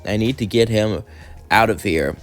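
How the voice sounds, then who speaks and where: A man reading as a skeptical young woman who doubts the newcomer and sighs over lost purpose. The voice stays close to the reader's own, low-key and tired. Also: normal speed, soft background music, lightly acted. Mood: weary.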